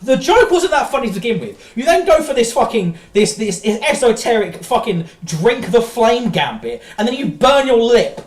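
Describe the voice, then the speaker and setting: A woman's voice: fairly high pitch, very animated, normal speed, few pauses, echoey room. A woman streamer ranting profanely in exasperated reaction commentary.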